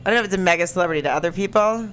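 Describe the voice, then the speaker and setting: Animated woman telling a story. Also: racing, a little hiss or hum. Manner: animated, laughing, jumps up high when quoting. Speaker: podcast co-host. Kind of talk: casual chat, storytelling.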